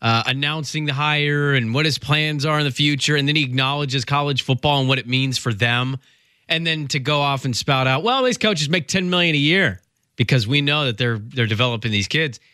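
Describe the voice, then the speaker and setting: A man co-hosting a sports talk show, giving opinions in casual, quick-restarting chat. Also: mid-range voice, steady tone, sharp tone, smooth, no echo, clean studio sound. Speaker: sports radio co-host.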